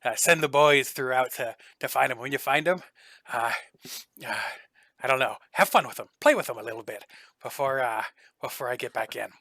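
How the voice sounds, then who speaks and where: A man's voice: mid-range voice, a little fast, bright, forceful tone, no echo. A man voicing a sinister male gang leader who gives offhand, menacing orders.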